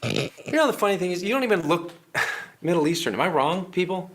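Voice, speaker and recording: Guy doing a smug sarcastic strategist in a sketch, kinda high voice. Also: sing-song, brisk, a bit bright, full character voice. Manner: smug, sarcastic, laughs at his own lines. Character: scheming male political strategist coaching activists. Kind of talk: comedy sketch.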